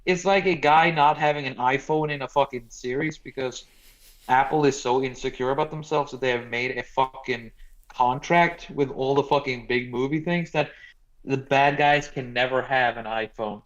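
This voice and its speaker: A man's voice: medium pitch, moderate pace. Norwegian guy cracking crude sarcastic jokes on a podcast, kinda dull lo-fi mic. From Norway. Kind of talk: casual chat.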